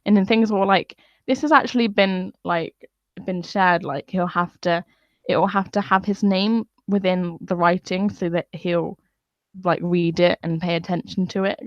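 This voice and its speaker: A woman's voice: fairly low pitch, creaky, dry recording. Scornful woman ranting on a dull, dry mic. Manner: profane, scornful, exasperated. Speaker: vlogger streaming live. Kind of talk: angry live-stream rant.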